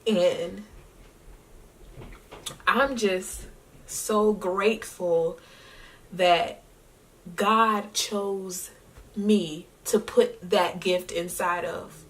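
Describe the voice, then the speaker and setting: A young woman with a medium-pitched, steady voice speaks slowly in a personal vlog about her year as a singer. She's emotional and heartfelt, crying at times as she talks.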